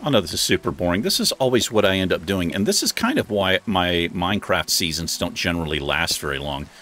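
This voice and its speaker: Man, let's play commentary, animated, chatty, rain in the background. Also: brisk. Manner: chatty, talks to the game animals, jumps into high excited bursts. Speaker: gaming host.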